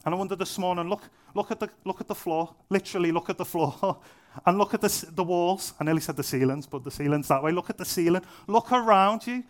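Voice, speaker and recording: A young preacher delivers his sermon in a relaxed, chatty way, slipping in little jokes at his own expense. His voice sits a bit higher than most men's, and he leans on repetition to hammer each point home. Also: fast talker. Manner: conversational, self-deprecating humour, emphatic repetition. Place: church venue.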